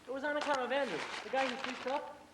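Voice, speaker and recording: A man's voice: very high voice, fast. A young man acting an earnest, hot-headed eighteen-year-old brother in a school stage play, telling a story animatedly. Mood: indignant storytelling. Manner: animated storytelling, mimics his boss. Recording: echoey auditorium, faint hiss.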